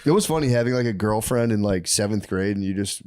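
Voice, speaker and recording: Man, low voice, dry close sound, laid-back podcast chat. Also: quick pace, a little mellow, no room sound. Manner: laid-back, says bro and like a lot. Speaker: podcast co-host. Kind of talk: casual comedic chat.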